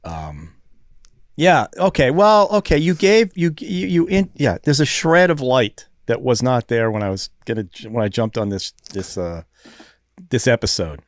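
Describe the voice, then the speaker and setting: A man's voice: mid-range voice, sing-song, unhurried, no room sound, studio quality. A man co-hosting a film podcast who talks hesitantly and often trails off mid-thought. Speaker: podcast co-host. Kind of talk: casual film review chat.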